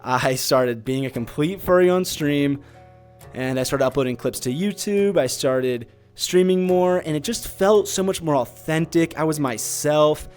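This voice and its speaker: A man's voice: a little high, measured pace, a little mellow, soft background music. Candid man telling a personal story. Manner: candid and confessional, many filler likes. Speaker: podcast host and streamer.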